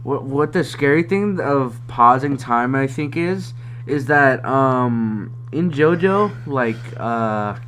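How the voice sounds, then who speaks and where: A young man of middle pitch chatting loosely on a podcast, full of ums and restarts, laughing often. A faint hum runs underneath. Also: animated, slow, a bit bright. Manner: rambling, hesitant, laughs often. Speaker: podcast co-host. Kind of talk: casual chat.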